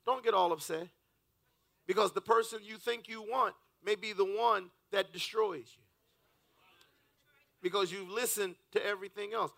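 A man's voice: sits high, steady tone, moderate pace, vocal fry, bright, forceful tone. A man preaching a fervent, rhythmic sermon in church, reading scripture aloud as pastor.

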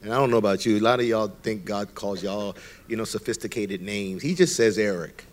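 A male pastor preaching a sermon with comic storytelling, swinging between loud bursts and quiet asides. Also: lowish voice, fairly quick. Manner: comic storytelling, acts out quoted voices, swings loud and soft.

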